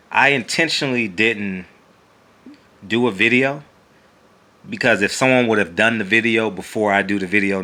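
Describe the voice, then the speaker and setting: Male YouTube commentator, fairly low voice, animated, rambling, repeats himself. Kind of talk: casual opinion vlog.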